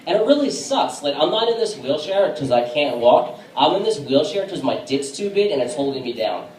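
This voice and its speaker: Halting stand-up comic in an echoey bar. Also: male voice, fairly high pitch, very animated, a little mellow. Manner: casual, halting delivery with many fillers. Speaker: stand-up comedian. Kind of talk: stand-up comedy set. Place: comedy bar stage. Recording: echoey room from a distance.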